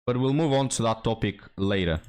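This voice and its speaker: A man's voice: mid-range voice, expressive, brisk, a little mellow. A young man hosting a reaction commentary, sarcastic and mocking, talking straight to his viewers. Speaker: commentary host.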